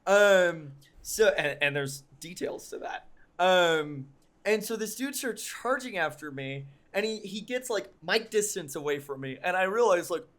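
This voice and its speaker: A young man with a fairly high voice tells a long personal story in casual podcast chat. He rambles, fills gaps with ums and likes, and pokes fun at himself as he goes. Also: lively intonation, a little slow, fairly bright tone. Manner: rambling, full of ums and likes, self-mocking. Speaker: podcast co-host.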